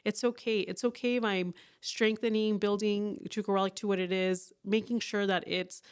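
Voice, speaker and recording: A woman around forty with a smooth, clear voice, talking as a guest in a casual interview. She speaks candidly and with energy, slipping into little acted-out quotes of her own thoughts. Her pitch sits in the middle range. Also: steady tone, normal speed. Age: about 40. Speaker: business owner, guest.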